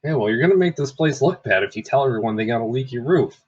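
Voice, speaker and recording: A man's voice: medium pitch, animated, fast, a little mellow, slightly rough. A man playing smug Donnie Danger. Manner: smug, self-assured. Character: boastful male adventurer Donnie Danger. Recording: dull lo-fi mic.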